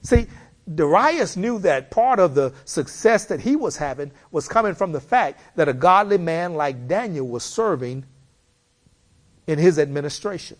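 A man preaching a sermon, slow and emphatic, building repeated appeals to his listeners. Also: fairly high pitch, expressive.

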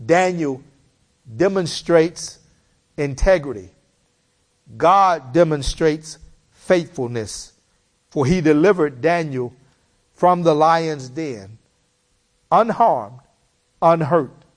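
A man preaching a sermon, slow and emphatic, building repeated appeals to his listeners. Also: fairly high pitch, expressive.

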